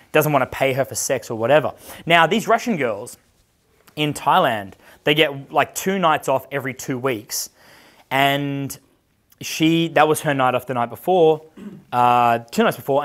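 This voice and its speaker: This dating coach's storytelling chat is crude and cocky, full of laughter and acted-out voices of his characters. He speaks at medium pitch with a fairly bright tone.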